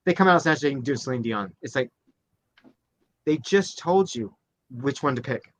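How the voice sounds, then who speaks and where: A man co-hosting a casual chat show, talking animatedly and acting out quotes with frequent restarts. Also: moderate pace. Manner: animated, acts out quotes in high voices, many restarts. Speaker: podcast co-host.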